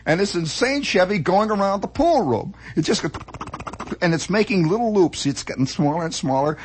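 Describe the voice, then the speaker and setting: Man, comic storyteller, husky voice, high and lively pitch, acts out sound effects. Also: normal speed.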